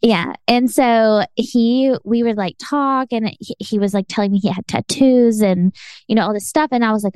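Animated woman telling a story. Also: on the high side, moderate pace, clear, resonant tone, dry recording. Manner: animated, laughing, filler-heavy storytelling. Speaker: podcast co-host. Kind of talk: casual storytelling chat.

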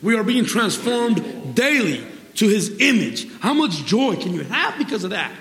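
A man preaching a sermon, exuberant, bursting into laughter and praise, then reading scripture slowly and deliberately. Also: sits high, very animated, a bit bright. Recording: long hall reverb.

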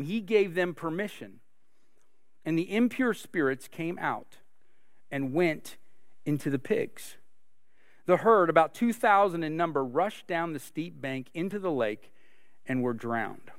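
A pastor with a slightly high voice and lively intonation preaches a sermon a little slowly, earnest and full of rhetorical questions and many restarts. The recording is clean studio sound with no echo.

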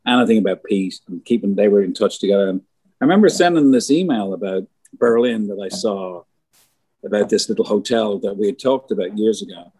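A man's voice: fairly low pitch, fairly quick, warm tone, breathy edge, no echo. A middle-aged man, a concert lighting designer, telling rambling backstage stories in casual conversation and swearing freely. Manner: rambling, swears freely, acts out others' lines.

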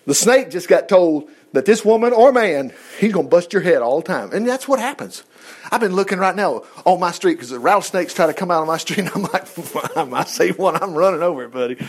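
A man preaching a sermon, reading scripture aloud and breaking off into folksy, exclaiming asides to his listeners. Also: sits high. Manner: folksy, talks straight to the congregation.

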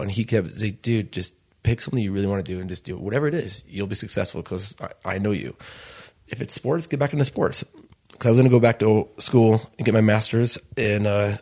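Man in his 30s, restaurant owner, low gravelly voice, loose rambling storyteller. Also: darkish tone. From Chicago. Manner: loose, rambling storyteller acting out quoted dialogue. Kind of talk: storytelling interview.

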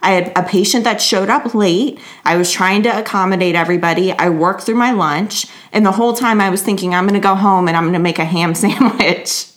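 A woman's voice: medium pitch, fairly even intonation, brisk, few pauses, natural voice. A woman quoting a stressed, hungry husband. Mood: exasperated. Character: stressed, hungry tired husband after work.

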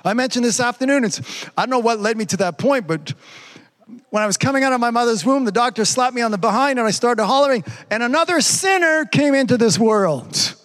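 A man's voice: extremely high pitch, animated, a little fast, fairly bright tone. A pastor preaching a sermon, fervent and repetitive, peppering his talk with "praise God" and "amen.". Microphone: streamed online service.

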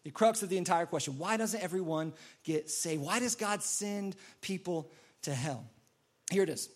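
A man's voice: high voice, moderate pace. A man preaching a sermon in an earnest, repetitive way, now and then acting out pleading voices. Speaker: pastor.

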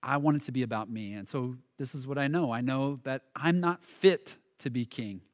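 Preaching with a medium pitch, this male pastor sounds earnest and hesitant, frequently starting his phrases over. His volume moves back and forth between soft and louder stretches.

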